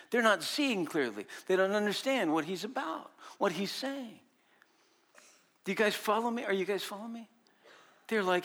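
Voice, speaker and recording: Animated male preacher, lively pitch. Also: normal speed. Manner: animated, swings from shouting to quiet asides; acts out disciples' voices. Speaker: pastor. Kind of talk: sermon.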